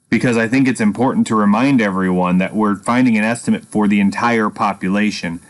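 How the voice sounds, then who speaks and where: A man's voice: on the low side, fairly even intonation, a little fast, few pauses. A man teaching a statistics lesson, explaining patiently and step by step with a dry sense of humor. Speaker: math teacher. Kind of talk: screen-recorded statistics lesson.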